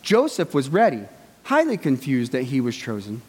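A man's voice: mid-range voice, wildly swooping pitch, moderate pace, a little mellow, breathy edge, in a large hall. A male pastor giving a sermon in a conversational way, often checking in with his listeners. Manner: conversational, with frequent "right?" asides.

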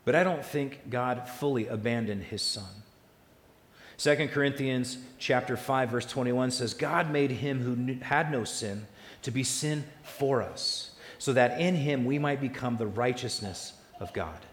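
A man preaching a sermon as pastor, building loud through lists and falling soft and slow on key lines. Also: mid-range voice. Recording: echoey hall with long reverb.

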